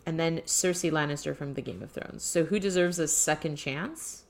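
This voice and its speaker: This woman speaks at a moderate pace in a low voice with vocal fry. Co-hosting a podcast, she chats casually and lists quiz options aloud one at a time.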